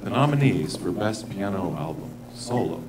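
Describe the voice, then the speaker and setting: Effusive male awards presenter, lowish voice, noisy theater recording. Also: lively intonation, moderate pace. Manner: effusive and exclamatory, with gasps and sighs.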